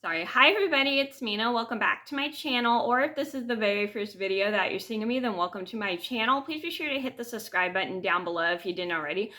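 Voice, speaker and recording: A woman's voice: on the high side, fast talker, few pauses, pushed and bright. A woman vlogger telling a personal story casually to her camera, rambling with restarts and fillers. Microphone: camera mic.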